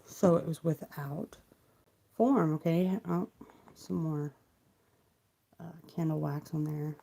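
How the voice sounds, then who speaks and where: A woman talks slowly and softly on a live stream, her lowish voice catching into gravel at the ends of phrases. She rambles from one question to the next, trailing off, and keeps her volume down near the mic. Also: fairly even intonation. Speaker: livestream tarot reader. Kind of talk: soft-spoken livestream musing. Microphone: close mic, kept quiet for live stream.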